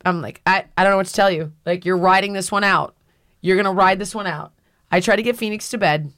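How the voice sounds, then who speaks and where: A woman's voice: mid-range voice, fast talker, no room sound. A middle-aged woman tells a story in loose, casual chat. She jumps into the voices of the people in her story, and her sound is dry, with no room. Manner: animated storyteller, acts out quotes. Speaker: podcast host.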